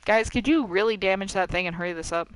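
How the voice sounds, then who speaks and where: Smooth, playful game streamer. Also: mid-range voice, quick pace, dry recording, rough recording. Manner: playful, dramatic, talks to the game characters. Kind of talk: playing a video game and commentating live.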